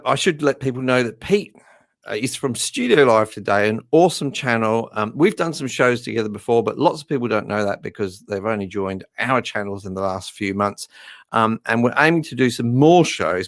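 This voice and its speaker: A man's voice: medium pitch, no echo, studio quality. A man hosting a live stream with an English-tinged Australian accent, talking in a casual, rambling, self-deprecating way. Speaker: host.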